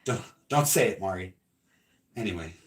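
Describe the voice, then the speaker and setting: A man's voice: deep voice, expressive, normal speed, a little hiss or hum. Chatty co-host man, casual rambling room-tour delivery, phone-filmed live stream at home. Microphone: handheld phone camera.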